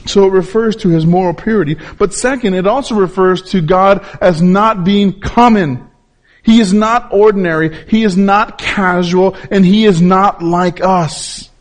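A man preaching a sermon, stressing key words by repeating them and dropping low and slow on important points.

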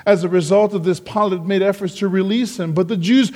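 A man preaching an expository sermon, slow and deliberate, growing emphatic when quoting the crowd. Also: high-pitched, a little mellow. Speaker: pastor.

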